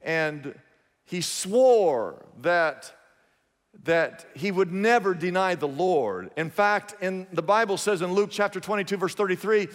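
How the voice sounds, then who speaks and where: A man's voice: high-pitched, expressive, measured pace, long reverb tail. A man preaching a sermon, telling a story emphatically with lots of repetition.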